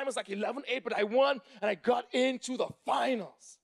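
A man in his thirties telling an animated stand-up story to a live crowd, building up to shouting when excited. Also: extremely high pitch, fairly quick, creaky, hardly any pauses. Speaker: stand-up comedian.

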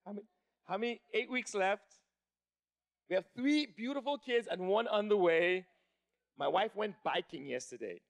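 A man in his thirties telling an animated stand-up story to a live crowd, building up to shouting when excited. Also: sits high, normal speed, vocal fry, pauses often. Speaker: stand-up comedian.

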